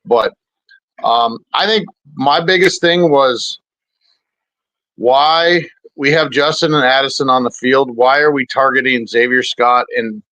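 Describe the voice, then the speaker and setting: A man co-hosting a football podcast, talking in a loose, somewhat halting way. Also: medium pitch, pushed and bright, dry recording, poor audio. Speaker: podcast co-host. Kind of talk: casual sports podcast chat.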